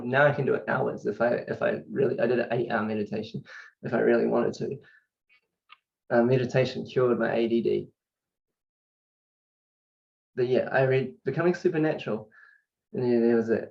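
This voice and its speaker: A man's voice: mid-range voice, creaky, a little mellow. A man telling his personal spiritual story to camera, fervent and rambling, with restarts and bursts of laughter. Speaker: channel host sharing his story. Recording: distant mic, dull lo-fi sound.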